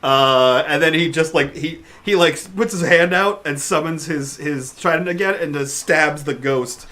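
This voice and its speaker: A man at a tabletop game describing his character's moves with excitable energy. His voice sits a little high. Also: moderate pace. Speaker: player.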